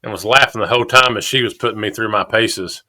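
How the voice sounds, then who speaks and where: Low, bright-voiced man. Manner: chatty, storytelling, quick laughs. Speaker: podcast co-host. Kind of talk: casual chat.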